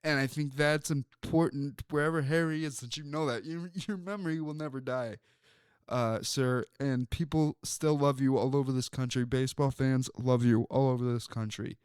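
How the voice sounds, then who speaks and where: A man's voice: medium pitch, fairly even intonation, normal speed, a little mellow, clear, resonant tone, no room sound, studio quality. A man hosting a sports talk show, telling stories in a rambling way with many fillers. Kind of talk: casual sports talk monologue.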